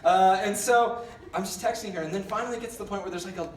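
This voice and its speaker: A man's voice: high-pitched, quick pace, recorded from a distance, slight background noise. Young man, casual youth sermon, rambling and self-deprecating, echoey church hall, faint ambience. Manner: rambling, self-deprecating storytelling with many fillers. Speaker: youth pastor.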